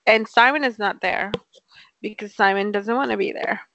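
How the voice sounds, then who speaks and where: A woman's voice: medium pitch, normal speed, creaky, fairly bright tone, no room sound, lo-fi sound. A woman casually retelling an episode's plot, quoting the characters' lines. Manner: chatty retelling with quoted lines. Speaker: podcast co-host recapping a show. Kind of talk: casual chat.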